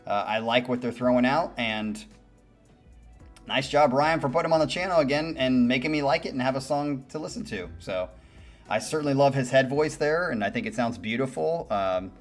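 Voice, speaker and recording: A man's voice: medium pitch, lively intonation, normal speed. A man hosting a music reaction channel, giving candid, musing commentary and swearing casually.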